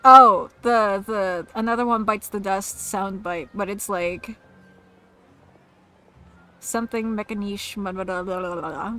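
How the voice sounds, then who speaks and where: A woman's voice: mid-range voice, measured pace, pushed and bright, faint music behind. A woman streaming a game, chatting casually in a rambling, giggly, self-mocking way.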